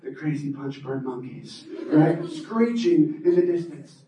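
A man telling an animated story to a live audience, laughing and checking in with "right?". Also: a little high, a little slow, a little hiss or hum. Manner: lively, laughing, asks "right?" often. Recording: echoey room, far from mic, dull sound.

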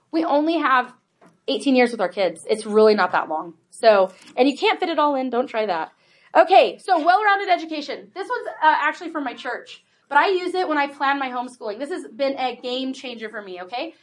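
A woman's voice: high voice, lively intonation, a little fast. A woman in her forties giving a workshop talk to an audience on homeschooling, chatty and full of "like", "right?" and "okay?". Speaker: homeschool presenter.

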